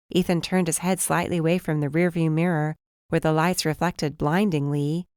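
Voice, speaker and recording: A woman reading a first-person mystery audiobook in a measured, even storytelling manner. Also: deep voice, clean tone, dry recording, studio quality. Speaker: audiobook narrator.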